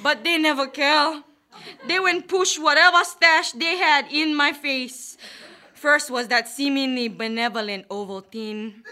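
A woman's voice: sits high, unhurried, pushed and bright. A young woman with a Hawaiian Pidgin accent doing a mock-dramatic stand-up comedy monologue, switching between pidgin and prim standard speech.

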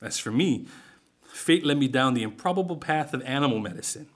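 A man's voice: medium pitch, lively intonation, a little fast. A man telling a humorous first-person story with dry understatement.

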